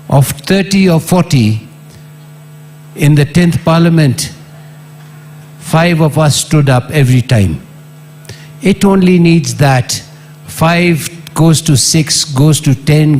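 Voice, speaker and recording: A middle-aged Kenyan man with a Kenyan accent, a former member of parliament giving an impassioned public address, emphatic and repetitive with sudden jumps in pitch. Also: a little mellow.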